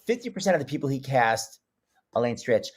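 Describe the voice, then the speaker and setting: A man hosting a casual live stream, joking and bantering excitedly with his guests. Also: medium pitch, fairly quick. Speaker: host. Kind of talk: casual livestream chat.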